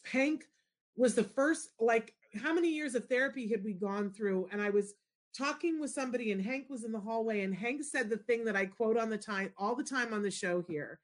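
A middle-aged woman hosting a show, telling a story in casual chat and acting out the people in it. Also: moderate pace. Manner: expressive, shifts into high excited squeals when retelling. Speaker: show host.

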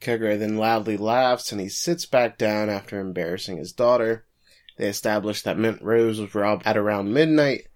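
Male podcast co-host, lowish voice, laid-back recap with chuckles. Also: moderate pace. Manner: relaxed storytelling, chuckles at the jokes. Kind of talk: casual recap of a show.

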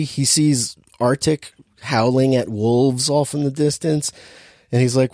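A man's voice: medium pitch, measured pace, dry recording, clean studio sound. A man in a casual chat, retelling a movie plot with lots of laughter and acted-out quotes. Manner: animated storyteller, laughs often, acts out quotes.

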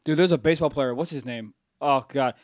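A man's voice: mid-range voice, brisk, dry recording, studio quality. A man co-hosting a podcast, tossing blunt, crude wisecracks in casual chat. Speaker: podcast co-host.

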